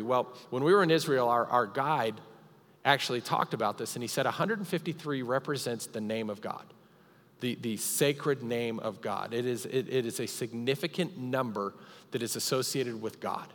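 A male pastor delivers a sermon at a live church service, retelling a story with dramatic emphasis and insistent repetition. His voice sits at a middle pitch. It trails off into the long reverb of a church hall. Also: normal speed, fairly bright tone.

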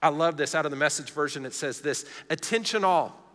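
A man's voice: on the high side, flat delivery, fast, a bit bright. A middle-aged man preaching an earnest, conversational sermon at a live evening church service. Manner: earnest, conversational preaching, often opening with "see". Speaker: pastor. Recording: echoey church hall with long reverb.

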